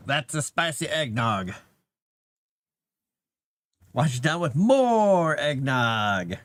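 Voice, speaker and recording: A man's voice: mid-range voice, big pitch swings, takes it slowly, fairly bright tone. A man rambling casually on a livestream, chatting to his cat between thoughts.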